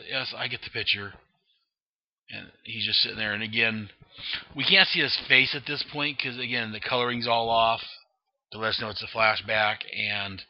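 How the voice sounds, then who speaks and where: A comic book reader and reviewer talks casually about a comic, rambling with lots of fillers and restarts. His voice sits on the low side with no echo, and the lo-fi recording sounds dull.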